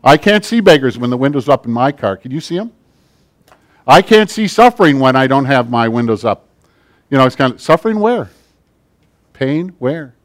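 Man, pastor, sermon, emphatic, loud-to-quiet swings, mid pitch. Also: lively intonation, a little fast. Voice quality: big build, speaks plainly. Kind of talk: sermon with closing prayer.

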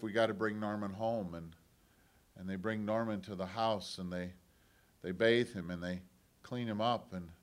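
Man, pastor, sermon, impassioned, drops to whispers, mid-pitched voice. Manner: swings from loud impassioned preaching to hushed, whispered quotes.

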